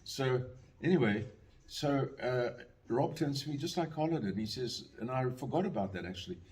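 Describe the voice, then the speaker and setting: A man's voice: medium pitch, lively intonation, normal speed, a little mellow, a little hiss or hum. An older man telling a casual, rambling anecdote, full of fillers, restarts and chuckles. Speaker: storyteller.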